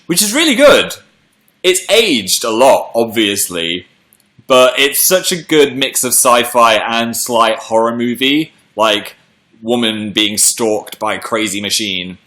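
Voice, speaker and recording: A man chatting casually on a livestream, reading viewers' comments aloud and hopping between topics with animated energy. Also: mid-range voice. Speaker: live streamer.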